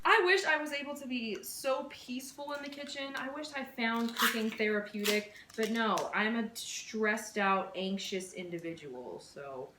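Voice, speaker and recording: A woman's voice: fairly high pitch, normal speed, few pauses. Woman rambling thru a cooking vlog, flustered and self-deprecating, echoey kitchen w/ noise in the back. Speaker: vlogger cooking on camera. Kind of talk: casual cooking vlog chat. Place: home kitchen. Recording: echoey room with clear background noise.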